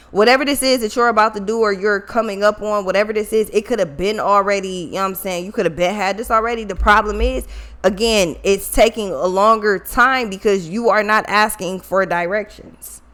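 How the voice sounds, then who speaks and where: A woman's voice: medium pitch, normal speed, a bit bright. Woman doing a tarot reading, blunt, cusses a lot, keeps repeating herself. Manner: blunt, swears freely, repeats herself for emphasis. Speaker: tarot reader. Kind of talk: casual spiritual tarot reading.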